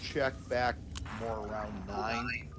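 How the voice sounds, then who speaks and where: A man's voice: medium pitch, steady tone, slow pace. A man chatting hesitantly with many fillers while organizing a group in a gaming voice chat. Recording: noisy game voice chat.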